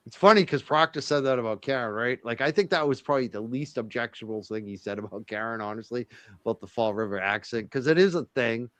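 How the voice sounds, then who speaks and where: A man with a light North Shore Boston accent talks in a loose, rambling way, often correcting himself mid-sentence. His voice sits at a middle pitch. The sound is dry and close to the mic. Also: quick pace, a bit bright, dry recording. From North Shore of Massachusetts. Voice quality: rambling, self-correcting storyteller. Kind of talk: casual chat, reading viewer questions.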